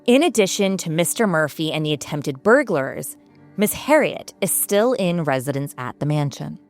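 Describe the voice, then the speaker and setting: A woman host narrating a ghost story from a script in a measured, expressive way. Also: low voice. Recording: soft music underneath.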